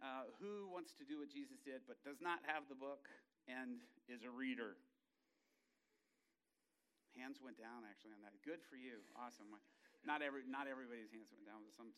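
A man's voice: mid-range voice, moderate pace, fairly bright tone, rough recording. A middle-aged man giving a casual, self-deprecating sermon to a congregation as a travelling preacher. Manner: chatty, self-deprecating, jokes with the crowd. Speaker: itinerant preacher.

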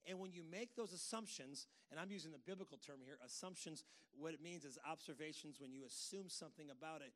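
A man's voice: a little high, fairly bright tone. A middle-aged man preaching a conversational sermon as a pastor, emphatic, with folksy asides.

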